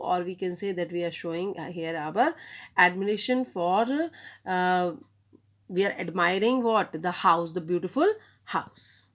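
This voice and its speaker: A woman teaching a grammar lesson, explaining step by step, repeating examples and checking in with the class. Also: mid-range voice.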